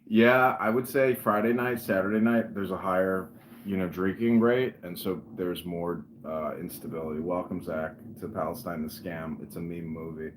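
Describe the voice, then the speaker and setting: A man hosting a casual livestream chat, dry and mocking, rambling and often clearing his throat. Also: low-pitched, steady tone, normal speed, a little hiss or hum. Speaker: podcast host.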